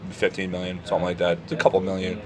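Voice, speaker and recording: A man's voice: low voice, completely flat delivery, rapid-fire, a crowd in the background. A man co-hosting a casual, profane chat in the back of a bar, rambling with stammered restarts. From New York. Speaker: podcast co-host.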